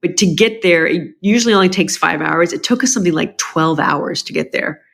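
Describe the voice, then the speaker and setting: A woman's voice: on the low side, a little fast, vocal fry. A woman being interviewed as a podcast guest, telling a personal story frankly and emotionally, with many restarts, and acting out what her family members said in a raised voice. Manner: animated, acts out quoted family members with a lifted voice.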